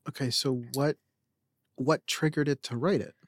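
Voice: mid-range voice, fairly even intonation, moderate pace, dry recording, studio quality. A player in a tabletop game, joking and bantering in casual speech. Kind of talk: casual in-character play.

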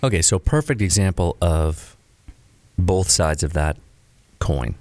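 A man with a notably low, deep voice talks casually as a podcast co-host. He is animated and acts out quoted examples to make his points. The sound is dry and close, with no room echo. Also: unhurried. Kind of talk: casual conversation about creative work.

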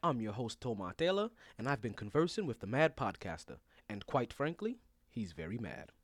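A man's voice: mid-range voice, sing-song, normal speed, background noise, lightly acted. A man playing a male talk-show host, introducing the show in a formal manner.

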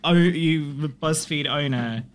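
A man on a live podcast who speaks in a hesitant, halting way. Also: a little high, smooth.

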